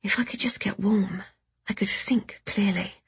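A woman reading a first-person story aloud in a soft, hushed, often half-whispered way, with a breathy voice. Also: medium pitch, steady tone, unhurried, no echo. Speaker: audiobook narrator. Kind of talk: first-person scripted narration.

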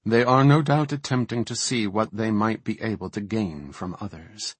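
A man voicing a calm night elf high priestess, speaking softly and gravely in an audiobook. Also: normal speed, no echo.

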